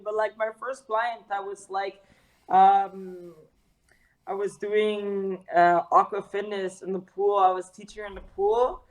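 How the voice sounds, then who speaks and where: A woman's voice: medium pitch, steady tone, measured pace, low-quality recording. A young woman from Canada, a guest in a casual interview, talking loosely with lots of slang, fillers and swearing. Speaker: guest, fitness trainer and artist.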